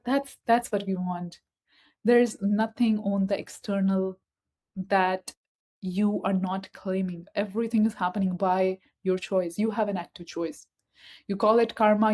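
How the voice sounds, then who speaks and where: A woman with a mid-range, slightly mellow voice gives a motivational spiritual talk. She speaks emphatically and repetitively, repeating key phrases and addressing the listener directly.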